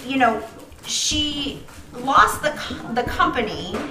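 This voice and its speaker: A woman co-hosting a podcast, chatting and recapping a movie in an animated way, swearing freely. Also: sits high, slow, echoey room, poor audio. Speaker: podcast co-host. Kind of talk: casual movie recap chat.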